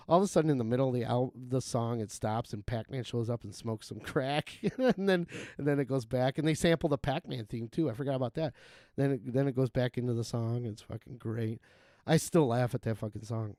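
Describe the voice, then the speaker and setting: A man's voice: medium pitch, darkish tone, dry recording, studio quality. A man streaming a game, chatting casually in a rambling, profane way and chuckling often. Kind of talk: casual gaming-stream chat.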